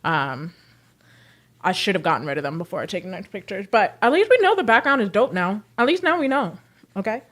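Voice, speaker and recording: A woman's voice: medium pitch, animated, fairly quick, a bit bright. A woman livestreaming casually, chatting with viewers in a slangy, friendly way while she works, laughing often. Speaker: livestreamer selling clothes online. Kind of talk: casual chat while working.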